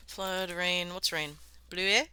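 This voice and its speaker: A woman's voice: on the low side, noisy background. A woman streaming live, chatting casually and swearing freely as she worldbuilds and sounds out words, laughing often.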